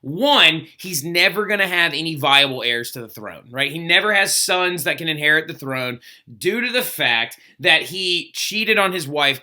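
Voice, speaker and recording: Brief: lively male history teacher, chatty lecture delivery, crisp bright tone. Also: a little high. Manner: energetic, chatty, acts out quotes. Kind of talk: casual video lecture.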